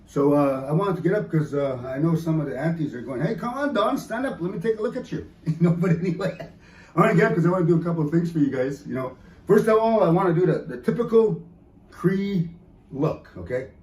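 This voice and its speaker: A man's voice: on the high side, animated, fairly quick, darkish tone. A man doing a joking stand-up comedy set in an event hall, often slipping into teasing mock voices. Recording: echoey room heard from a distance.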